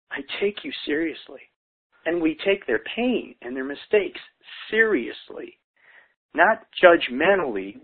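A man's voice: on the high side, slightly rough. A man talking earnestly and unscripted, restarting with stammered repeats and quoting people as he goes. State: choked up. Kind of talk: heartfelt unscripted conversation. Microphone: phone. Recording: tinny phone line.

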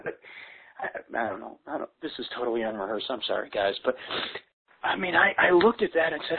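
An earnest man speaks unscripted over a tinny phone line, stammering and restarting as he searches for words. His voice is husky and rises and falls widely. He quotes people in lively voices. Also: sits high. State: choked up. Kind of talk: heartfelt unscripted conversation.

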